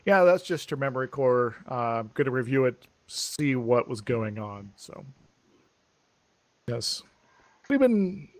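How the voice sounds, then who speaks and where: A man voicing a brisk, businesslike male employer in a tabletop game, matter-of-fact and halting. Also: mid-range voice, very animated, dry recording.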